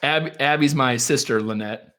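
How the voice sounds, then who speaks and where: At a medium pitch and moderate pace, with a fairly bright tone, a streamer chats loosely with his audience. Answering their questions, he wanders off topic, jokes about himself, and keeps laughing.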